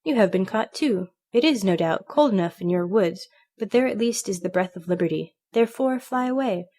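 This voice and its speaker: A woman's voice: mid-range voice, animated, normal speed, warm tone, natural voice. A woman voicing a male canary who speaks in a dreamy, lyrical, yearning way about his lost home. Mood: wistful.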